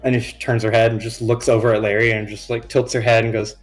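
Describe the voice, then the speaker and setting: A man's voice: mid-range voice, little pitch movement, quick pace. Rambling game master man, faint music. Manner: loose, rambling description full of "like" and restarts. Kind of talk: narrating a tabletop game on a live stream.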